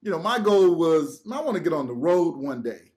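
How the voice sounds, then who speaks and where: A podcast guest tells a story in casual talk, animated and laughing, swearing and acting out what people said. His voice is on the high side at a normal speed.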